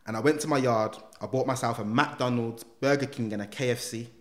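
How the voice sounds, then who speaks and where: A man's voice: medium pitch, steady tone, fairly quick. A young man telling a story in casual chat. He acts out the other people's voices and uses slang. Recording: echoey room.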